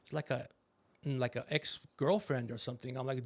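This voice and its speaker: A middle-aged man hosting a podcast, telling stories in a casual comedic chat and acting out quotes with animated voices. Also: mid-range voice, normal speed, creaky. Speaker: podcast host.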